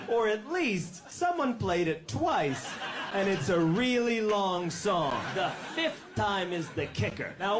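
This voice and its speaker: A man doing stand-up, telling a long story with lively delivery and sung snippets. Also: high voice, background noise. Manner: animated, sings song snippets. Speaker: stand-up comedian.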